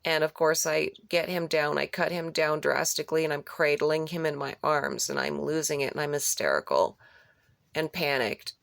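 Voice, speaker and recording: A woman's voice: sits low, vocal fry, dry recording, clean studio sound. A woman recounting a dream in an unscripted way, rambling and repeating phrases for emphasis. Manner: rambling, with restarts and searching for words. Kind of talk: unscripted personal retelling of a dream.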